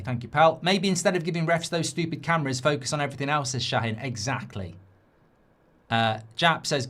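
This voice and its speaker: Hosting a live football watchalong, this middle-aged man speaks a little fast in a fairly high, fairly bright voice. He rants, curses, reads out chat messages and imitates people in whiny tones to mock them.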